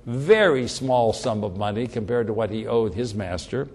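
A man preaching a sermon, telling the story with animated delivery and frequent restarts. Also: lowish voice, moderate pace.

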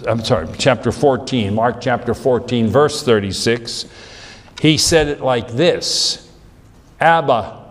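A man preaching a sermon with emphatic, repetitive delivery, acting out the lines he quotes as he goes. His voice sits at a medium pitch. It rings with the long reverb of a large church hall. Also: slow. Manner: emphatic, repeats words, acts out quoted lines.

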